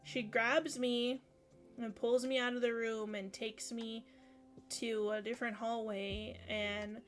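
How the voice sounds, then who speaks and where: A woman's voice: a little high, level tone. A woman telling a personal story in a casual way, acting out the quotes as she goes. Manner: slow, unhurried storytelling with acted-out quotes. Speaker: streamer on an esports channel.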